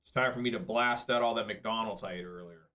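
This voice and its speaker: A man's voice: fairly low pitch, fairly quick, pushed and bright, dull audio, voice pushed down. Man mocking a crude relieved opponent.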